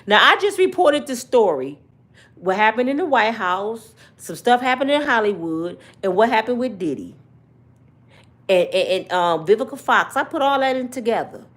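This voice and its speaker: A woman delivers casual comedic commentary, joking and cussing freely. Her voice sits high and swings widely in pitch. She sounds animated and playful. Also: normal speed. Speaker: YouTube commentator.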